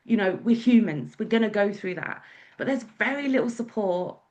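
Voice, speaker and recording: Lo-fi sound captures a wedding celebrant with an English accent telling her life story as a guest speaker. Her mid-range, darkish voice has lively intonation at normal speed, and the casual storytelling talk meanders with many fillers.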